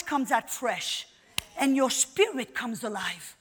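A woman's voice: on the high side, expressive, slow pace, a bit bright, breathy edge, in a large hall. A woman Bible teacher preaching a sermon at a live event. She speaks emphatically and repeats her phrases with rising force. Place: large hall at a live event.

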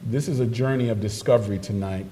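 A man preaching a sermon, animated storytelling that jumps into excited quoted voices. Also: fairly low pitch, quick pace. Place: church sanctuary. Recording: distant microphone in a reverberant church hall with noise.

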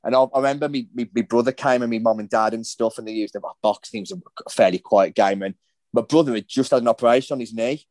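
A man's voice: mid-range voice, fast, a little mellow, no echo. Dry-sounding man telling stories. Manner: anecdotal, rambling storytelling with restarts. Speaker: podcast host. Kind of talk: casual chat.

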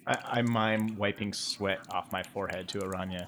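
A man's voice: low-pitched, steady tone, moderate pace, a bit bright. A man playing a tabletop game, hesitant and restarting his phrases. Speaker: player. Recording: faint background noise.

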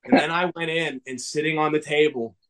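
A man from southwestern Pennsylvania, a podcast guest and toy collector, telling a story in a casual, animated way and acting out the dialogue. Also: brisk. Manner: animated, acts out dialogue with big swings in pitch.

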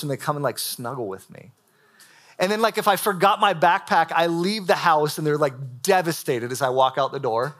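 A young adult man with a slightly high voice preaches a sermon to a live audience in a church hall. His delivery is casual and animated, full of filler words.

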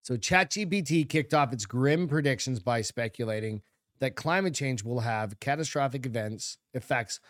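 A man's voice: mid-range voice, normal speed, a bit bright, dry recording, clean studio sound. Loose, profane male podcast co-host. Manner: loose and profane, reads news aloud with running asides. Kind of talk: casual chat.

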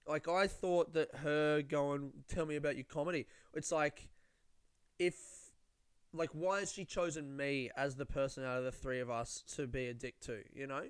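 Here a young man with an Australian accent, a comedian and podcast host, tells casual, rambling stories that are sweary and self-deprecating. His voice is on the high side with fairly even intonation, unhurried and smooth, captured in clean studio sound without echo.

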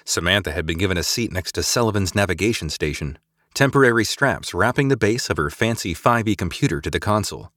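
A man narrating a sci-fi audiobook in an expressive storytelling manner, recorded close on a studio mic. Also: low-pitched, moderate pace, no echo. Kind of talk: scripted narration.

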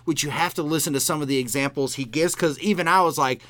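A man's voice: fairly high pitch, fast talker, a bit bright, dry recording. A man co-hosting a podcast, chatting casually, laughing often and swearing now and then. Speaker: podcast co-host.

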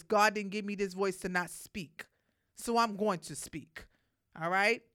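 A woman's voice: on the low side, fairly bright tone, smooth, no echo, clean studio sound. A woman from Brooklyn with a New York accent hosting her own podcast, talking in a blunt, outspoken, casual monologue and swearing freely. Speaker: podcast host.

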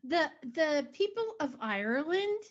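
A woman co-hosting a casual movie podcast in a playful, drawn-out way. She repeats herself as she talks. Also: sits high, very animated, lo-fi sound. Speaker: podcast co-host.

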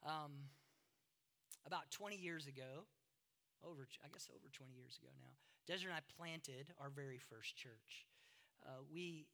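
A middle-aged male pastor preaching a sermon, dramatic, moving from loud emphasis to hushed asides. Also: a little high, normal speed, gravelly.

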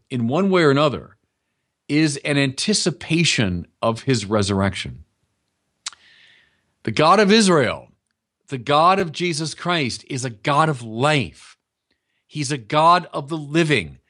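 A man's voice: fairly high pitch, sing-song, a little slow, pushed and bright. A man preaching a sermon in a conversational, emphatic teaching manner, often speaking straight to his listeners.

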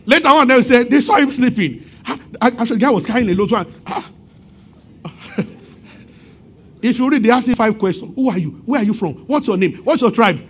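A pastor with a very high voice preaches in an animated storytelling way. He acts out the voices of the people in his story and laughs often between lines. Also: fairly quick, pauses often, breathy edge. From Nigeria. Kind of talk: sermon.

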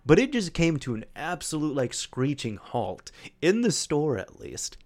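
A man's voice: on the high side, wildly swooping pitch, a little slow, a little mellow. Chatty man telling rambling stories. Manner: chatty, rambling with fillers and acted-out quotes. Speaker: podcast host. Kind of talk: solo casual storytelling.

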